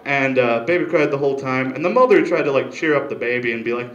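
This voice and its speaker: A man doing a stand-up comedy set, rambling with deadpan asides into a handheld mic on a small club stage. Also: mid-range voice, fast talker, few pauses, reverberant, highs cut off.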